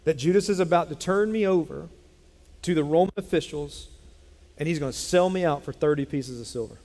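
A man preaching a sermon as pastor, telling a Bible story in an animated way and acting out its characters. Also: fairly high pitch, fairly quick. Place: church sanctuary. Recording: long hall reverb.

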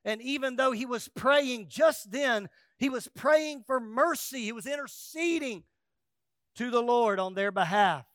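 High-voiced pastor preaching, dry sound. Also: male voice, lively intonation, unhurried, dry recording. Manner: swings between loud emphatic peaks and quiet asides; acts out quoted voices with humor. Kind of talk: sermon.

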